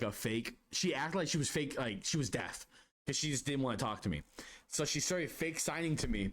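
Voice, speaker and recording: A young man hosting a podcast, telling job anecdotes in a rambling, animated way with lots of restarts. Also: medium pitch. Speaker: podcast host. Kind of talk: casual storytelling monologue.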